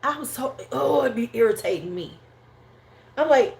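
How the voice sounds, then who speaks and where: A woman's voice: a little high, expressive, moderate pace, creaky, long pauses, a little mellow, a little hiss or hum. A woman hosting a casual livestream chat at home, rambling and slangy. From United States. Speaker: host.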